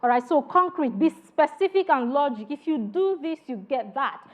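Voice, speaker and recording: A high-voiced woman teaches customer service to a class, animated and often saying "all right" between points. She acts out little exchanges with customers as she goes. The recording sounds dull and lo-fi. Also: normal speed. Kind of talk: classroom lecture.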